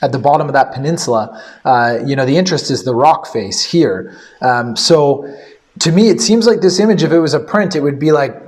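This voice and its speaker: A man's voice: mid-range voice, expressive, brisk, a little mellow. A man from Canada, giving a casual, rambling photo critique full of fillers. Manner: rambling, filler-heavy and upbeat.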